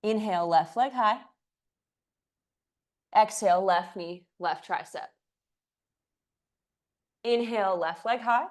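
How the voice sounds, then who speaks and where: A woman's voice: medium pitch, slow, long pauses. A woman teaching a yoga class, giving breath cues with playful, chatty asides, at times a little out of breath. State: slightly out of breath. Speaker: yoga instructor. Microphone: clip-on mic, sometimes moved off.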